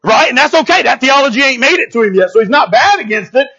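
A male pastor preaches in an animated, conversational way, often turning to the congregation to ask if they follow him. His voice sits unusually high for a man and has a husky edge. The recording sounds muffled and lo-fi. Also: fast talker. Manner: animated, talks straight to the congregation, often asks "you know what I'm saying?". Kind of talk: conversational sermon.

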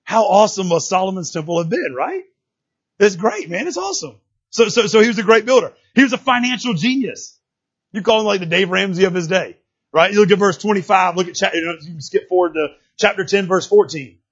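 A man preaching a sermon in a conversational, animated way, often restarting his words. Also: sits high, a little fast, husky, dull audio. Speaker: pastor.

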